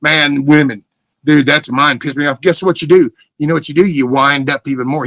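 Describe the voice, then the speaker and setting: A middle-aged man talks in a loose, meandering monologue. He is blunt and swears freely, and his voice sits a touch higher than most men's. The sound is close and dry, with no room echo. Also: normal speed, a bit bright. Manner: blunt, profane, meandering with restarts. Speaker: livestream host. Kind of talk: rambling casual monologue.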